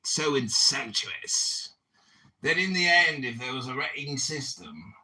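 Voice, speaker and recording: A man's voice: medium pitch, very animated, unhurried, pushed and bright. A man ranting in a mocking, over-the-top way during a parody political show, putting on an English accent. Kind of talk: mock rant on a live audio chat.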